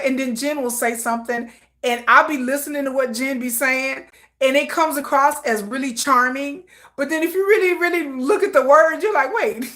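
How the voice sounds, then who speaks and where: A woman chats to her livestream audience in an easy, slangy way. Her voice is bright and a little high, and she laughs often as she goes. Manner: chatty, laughs often, animated asides; slangy, conversational. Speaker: livestream host. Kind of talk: casual livestream chat.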